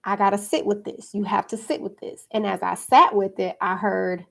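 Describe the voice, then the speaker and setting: A woman with a gravelly, creaky voice speaks in a relaxed, chatty way, hosting a spiritual podcast. She talks casually, filling her sentences with ums and likes. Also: mid-range voice, moderate pace, hardly any pauses. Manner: relaxed, chatty, with frequent fillers and laughs. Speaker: podcast host and card reader.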